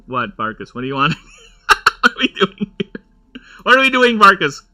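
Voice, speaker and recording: A man's voice: high-pitched, very animated, normal speed, bright, forceful tone. A man giving casual, rambling gameplay commentary, going off on nerdy tangents and laughing often. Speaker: gameplay streamer.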